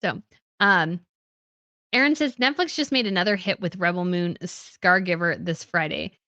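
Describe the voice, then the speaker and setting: A woman's voice: lowish voice, normal speed, bright, forceful tone, no echo. A woman hosting a livestream, chatting casually as she reads out viewer comments, sounding a bit tired, with fillers and little laughs. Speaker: host.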